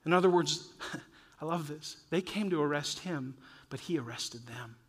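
Male pastor, high voice, earnest and urging, rises and drops between loud and soft. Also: moderate pace, slightly rough. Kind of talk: sermon.

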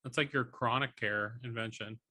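A young man co-hosting a podcast, chatting casually with friends, joking and rambling with quick laughs. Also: medium pitch, fairly even intonation, bright, forceful tone, no room sound, clean studio sound. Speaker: podcast co-host. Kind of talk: casual chat among friends.

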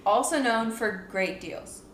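A playful woman co-hosting a casual podcast, teasing her co-host and laughing often. Her voice sits fairly high and swings widely in pitch. The room is echoey, with a faint hiss behind her. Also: lively intonation, slow. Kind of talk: casual chat.

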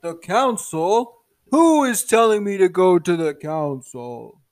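Dad putting on a big slow turtle king, formal and kinda grand, asking questions at his own pace. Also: high-pitched, lively intonation, full character voice. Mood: stately. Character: stately giant male turtle king.

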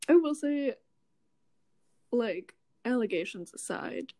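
A woman's voice: on the high side, lively intonation, slow, dark tone. A woman co-hosting a podcast in casual chat, giggly and cautious, often hedging. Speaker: podcast co-host.

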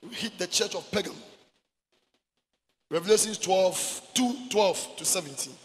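A man preaching a sermon as pastor, mixing Twi and English and shouting for emphasis. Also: high-pitched, normal speed. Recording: echoey hall with faint noise.

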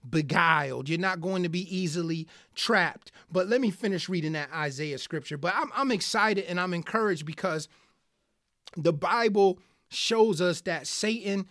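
An earnest podcast host teaching scripture who reads old-style verses aloud and then explains them with rising excitement, often calling listeners "guys". The voice sits in a middle pitch. It is recorded dry, with no room echo. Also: moderate pace. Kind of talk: Bible study podcast talk.

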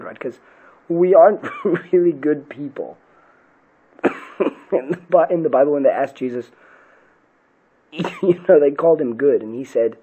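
A man's voice: medium pitch, breathy edge, narrow, tinny audio. A man, a pastor, giving an earnest podcast talk on parenting and faith, often asking rhetorical questions.

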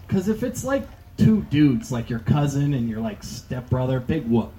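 A man's voice: medium pitch, expressive, measured pace, noisy background. A young man doing a stand-up comedy set on a club stage, rambling with lots of filler words. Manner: rambling, filler-heavy delivery with many "like"s.

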